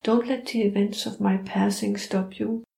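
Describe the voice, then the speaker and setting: A woman voicing a calm, loving female dog spirit who speaks softly and soothingly. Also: medium pitch, creaky, close to an everyday voice. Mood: gentle, soothing. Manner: soft, slow and soothing. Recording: roomy echo.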